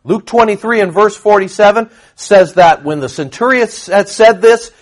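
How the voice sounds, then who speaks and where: A male pastor preaching a sermon, emphatic and animated, firing off rhetorical questions. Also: high-pitched, normal speed.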